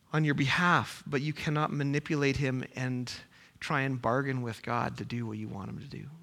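A man's voice: fairly high pitch, sharp tone. A man preaching a sermon, reading scripture aloud and then explaining it with rhetorical questions. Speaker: pastor.

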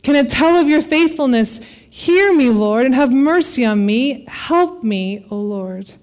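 A woman's voice: sits high, animated, measured pace, darkish tone. A woman preaching a sermon, a parent, reading scripture with dramatic expression and light laughter. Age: adult parent.

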